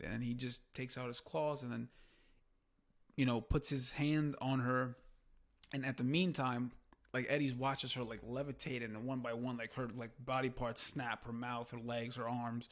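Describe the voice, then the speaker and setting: Speaking at a moderate pace in a medium pitch with a level tone, a male podcast co-host casually recaps a show. His review chat rambles and leans heavily on fillers.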